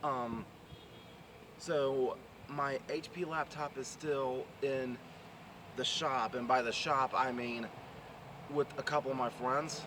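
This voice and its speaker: A man's voice: mid-range voice, fairly even intonation, slow pace. Rambling man outdoors by traffic. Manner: rambling, restarts often. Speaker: vlogger and pro wrestler. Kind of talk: casual rambling chat. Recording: outdoor street noise audible.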